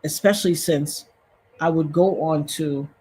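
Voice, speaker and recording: Talking straight to her viewers on a casual livestream, a woman in her fifties shares a personal story with emotion and plenty of repetition. She speaks a little slowly, with a low-pitched, warm voice that's slightly rough.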